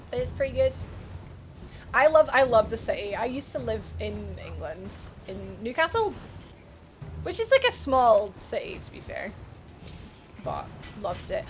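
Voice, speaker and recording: A woman from Scotland with an Edinburgh accent, chatting casually with her live-stream audience, laughing often and greeting viewers by name. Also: a little high. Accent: Edinburgh Scottish. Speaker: game streamer.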